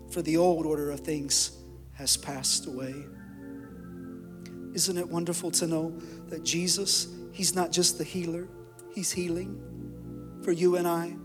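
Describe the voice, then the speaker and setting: Male pastor, high voice, impassioned sermon, loud then hushed, long hall reverb, music underneath. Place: church sanctuary.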